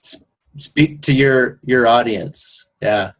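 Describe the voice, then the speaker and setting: Man, mid pitch, upbeat group coach on a video call, loose and encouraging. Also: slow, creaky, fairly bright tone. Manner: enthusiastic, encouraging, loose and rambling. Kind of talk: casual motivational group call.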